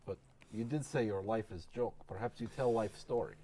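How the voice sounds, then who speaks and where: Deadpan guy role-playing, halty, faint hiss behind. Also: fairly low pitch. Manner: halting, deadpan, drops articles. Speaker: player. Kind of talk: in-character tabletop role-play.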